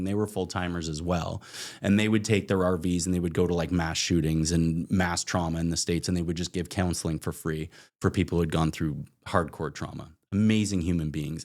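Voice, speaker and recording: A young man from Canada, a podcast guest telling stories in casual chat, animated, full of "like" and acting out what people said. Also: deep voice. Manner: animated, acts out quoted voices, frequent "like" fillers.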